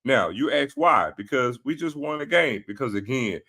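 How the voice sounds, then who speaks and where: A man with a bright, sharp tone co-hosts a casual sports talk show. He breaks in to add context and lays out his points in a measured way. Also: mid-range voice, lively intonation.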